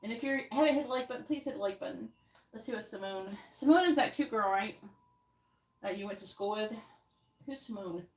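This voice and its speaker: Medium-pitched and brisk with a darkish tone, this New York woman hosts a livestream as a tarot reader. She chats casually, rambles, and laughs often, and the recording sounds roomy, with her distant from the mic.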